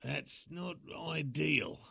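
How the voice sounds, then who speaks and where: A man's voice: on the high side, drawn-out words, creaky, sharp tone, slightly rough, no room sound, heavily acted. An actor playing an earnest male cryptozoologist in a game, speaking formally and with measure. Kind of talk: game voice acting.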